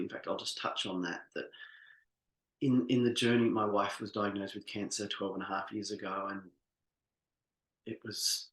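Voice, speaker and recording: A middle-aged man coaching a live workshop, earnest and heartfelt, who often stops and restarts his sentences. His voice sits fairly low. The room has a noticeable echo. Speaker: business coach. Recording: echoey room.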